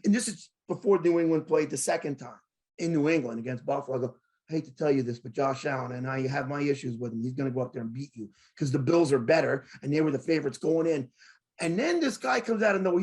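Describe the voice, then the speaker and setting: Excitable man spinning a sports story. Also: a little high, fast. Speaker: sports show host. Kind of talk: animated storytelling in casual chat.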